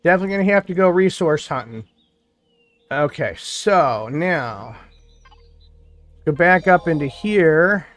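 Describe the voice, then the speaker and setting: A man's voice: a little high, expressive, a little slow, pauses often, a bit bright, soft background music. A man from New York State chatting casually on a live game stream, rambling and thinking aloud as he plays. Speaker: gaming streamer. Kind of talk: casual live-stream chat while playing.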